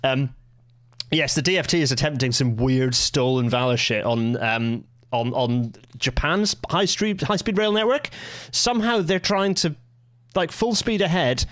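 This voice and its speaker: A man chats as host of a live stream in a mid-range voice. He rambles, breaks off into quick asides and restarts his sentences. The sound is dry and close, with no room around it. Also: medium pitch, a bit bright, no echo. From Scotland. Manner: rambling, self-interrupting, quick asides with laughs. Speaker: livestream host. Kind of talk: casual live-stream chat.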